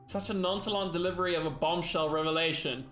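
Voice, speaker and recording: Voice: medium pitch, fairly even intonation, fast. A game streamer reacts to the story in a dry, sarcastic voice, now and then swearing. The voice sits in the middle of the range and sounds roomy, with game music playing behind it. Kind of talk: casual commentary over gameplay.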